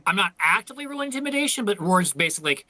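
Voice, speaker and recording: A man playing a tabletop game, chatting casually and explaining rules in a relaxed way. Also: high voice, racing, no room sound, low-quality recording. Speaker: player.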